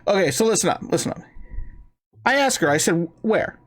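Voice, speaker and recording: Animated, profane male podcast storyteller. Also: high-pitched, brisk. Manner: animated storyteller, profane, acts out both sides of phone calls. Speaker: podcast co-host. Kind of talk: casual podcast chat.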